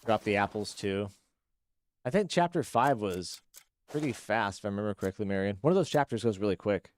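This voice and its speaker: A man streaming a game live, chatting with viewers and reacting excitedly as he plays. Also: fairly low pitch, fairly quick. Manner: chatty, reads chat, excitable. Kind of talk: live gameplay commentary.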